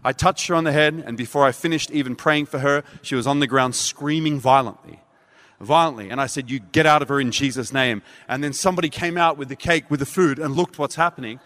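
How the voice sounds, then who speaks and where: A man preaching a sermon, telling a story with animated delivery and acting out voices. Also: on the high side, fairly quick. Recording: reverberant hall.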